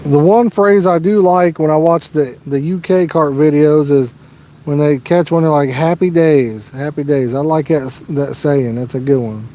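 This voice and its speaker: A man's voice: fairly high pitch, moderate pace, mellow. A Midwestern American man hosting a fishing livestream outdoors by a lake, chatting casually and answering viewers' questions. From Midwest USA.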